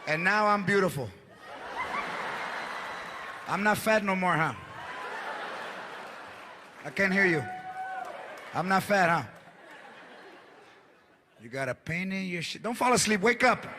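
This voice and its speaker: A man's voice: sits high, lively intonation, takes it slowly, long pauses, crowd noise, noisy background. A man voicing an older aunt who taunts and scolds her sick husband, recorded live over audience laughter. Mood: scornful taunting. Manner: mocking, taunting, repeating herself. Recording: live stage mic, loud audience laughter.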